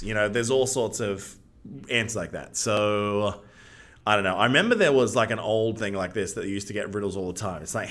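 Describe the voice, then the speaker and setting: An Australian man co-hosting a relaxed gaming podcast, talking in a chatty, slangy way and laughing often. His voice sits a little low but has a bright, forward edge. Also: normal speed. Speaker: podcast co-host. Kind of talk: casual gaming podcast chat.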